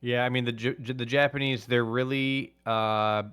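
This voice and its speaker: A man's voice: medium pitch, steady tone, moderate pace, a bit bright, clean tone. A man chatting playfully on a podcast, hesitant and full of "like" and "um". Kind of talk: casual chat.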